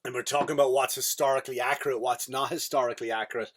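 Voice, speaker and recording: A man's voice: medium pitch, fairly even intonation, racing, fairly bright tone. An Irish man hosting a comedy podcast, telling a story in a wry, self-mocking way. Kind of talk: casual comedic monologue.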